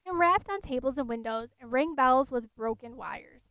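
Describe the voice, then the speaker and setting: A woman storyteller reading an old ghost story aloud at a measured, steady pace. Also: high-pitched, no echo.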